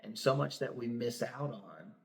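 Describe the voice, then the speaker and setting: A man's voice: medium pitch, animated, normal speed, vocal fry. A middle-aged man, a pastor co-hosting a podcast, telling stories in a plain, straightforward way and laughing easily. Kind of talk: casual chat.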